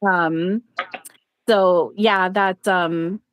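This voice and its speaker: A woman's voice: fairly low pitch, fairly even intonation, drawn-out words, noisy background. A woman hosting a live stream, talking bluntly and rambling with lots of fillers, swearing freely. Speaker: channeler and livestream host. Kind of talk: casual livestream chat.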